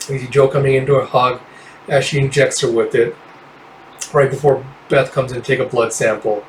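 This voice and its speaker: A man narrating a comic readthrough, excitable and reacting aloud with swearing as he goes. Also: medium pitch, brisk. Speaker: reader. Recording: roomy, distant mic, faint hiss.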